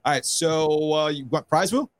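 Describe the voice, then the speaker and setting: A man's voice: a little high, moderate pace. A man hosting a casual sports podcast, laughing often and repeating words as he talks. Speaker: podcast host.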